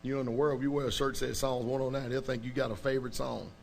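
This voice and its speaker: A man's voice: mid-range voice, fairly even intonation, very fast, vocal fry, a little hiss or hum. A man, a pastor, preaching a sermon in an emphatic, colloquial way and checking in often with his congregation. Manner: colloquial, informal speech.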